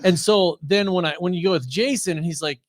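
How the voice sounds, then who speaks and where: A man hosting a podcast in casual chat, easygoing and quick to agree. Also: high voice, no echo. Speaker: podcast host.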